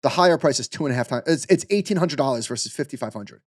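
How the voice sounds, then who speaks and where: A man co-hosting a podcast, telling animated stories in casual chat with lots of fillers. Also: mid-range voice, quick pace, no echo, clean studio sound. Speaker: podcast co-host.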